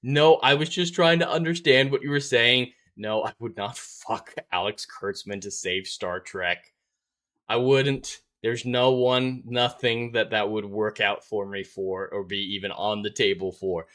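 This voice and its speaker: A man's voice: on the low side, measured pace, a bit bright. A man hosting a live stream, chatting casually, reading out viewer comments and laughing often.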